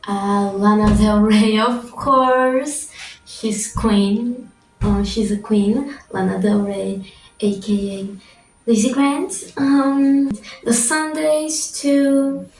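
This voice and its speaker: A teenage girl chats slowly in a fairly high voice, filling her sentences with "like" and "um" as she answers questions. She sits back from the mic in an echoey room. Soft music plays faintly underneath. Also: steady tone, far from the mic. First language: Portuguese. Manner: chatty, frequent fillers, self-correcting. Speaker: vlogger. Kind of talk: casual Q&A vlog.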